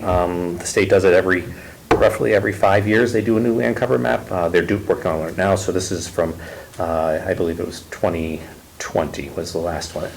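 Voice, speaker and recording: A man giving a presentation at a town meeting, halting, with many ums and restarts. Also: sits low, creaky, darkish tone, a little hiss or hum, low-quality recording. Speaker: ecological consultant presenting.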